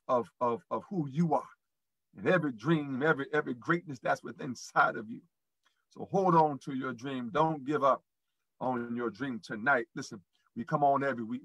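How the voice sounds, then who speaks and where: A man's voice: mid-range voice, bright, forceful tone, no echo, low-quality recording. A man hosting a live motivational show, speaking in a preachy, repeating, encouraging way to his audience. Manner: preachy, repetitive encouragement, addresses audience as y'all. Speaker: host.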